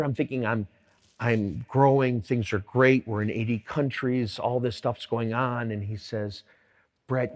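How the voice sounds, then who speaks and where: A middle-aged man, a guest entrepreneur on stage, telling animated anecdotes full of quoted dialogue. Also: lowish voice. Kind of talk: storytelling on stage.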